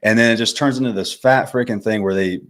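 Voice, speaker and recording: A man's voice: fairly low pitch, fast. A man in his twenties from California, a podcast guest telling stories in a laid-back, slangy way, calling the host man and bro. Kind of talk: casual storytelling interview.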